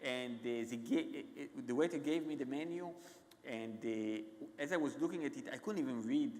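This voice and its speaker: Halting Israeli man in an echoey hall. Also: medium pitch, a little mellow. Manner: halting, self-interrupting, many restarts. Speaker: guest author. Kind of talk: onstage conversation, anecdotal storytelling. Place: large event hall.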